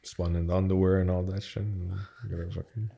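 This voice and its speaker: A man's voice: low-pitched, level tone, fast, creaky, warm tone. A man from Toronto co-hosting a podcast, chatting casually, swearing often and laughing a lot. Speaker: podcast co-host. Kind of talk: casual chat.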